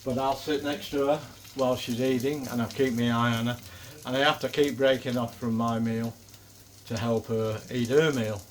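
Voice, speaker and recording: A man's voice: medium pitch, steady tone, normal speed, slight background noise. An older man with a Manchester accent, chatting casually and swearing lightly while he cooks on a griddle. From England. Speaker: cooking vlogger. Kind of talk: casual chat while cooking.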